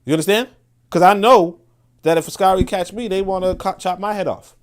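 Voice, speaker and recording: Man in the host seat of a talk podcast, slightly higher voice, loose and animated, checks in with listeners often. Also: fairly quick. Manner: animated and conversational, with frequent restarts; laughs and asks listeners for agreement. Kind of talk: casual monologue.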